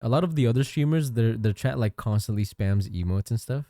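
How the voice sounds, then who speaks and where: Speaking briskly at medium pitch, a man chats with his stream audience while drawing and thanks them along the way. His manner is chatty with lively ups and downs. It's a dry, studio-quality recording of a livestreamer and digital artist.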